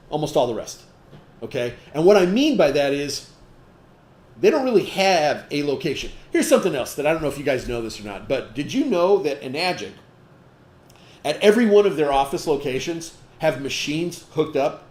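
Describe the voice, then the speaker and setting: A man's voice: on the high side, darkish tone, reverberant. A man giving a training talk to a group, emphatic and full of rhetorical questions, checking in with "okay?" again and again. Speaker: sales trainer.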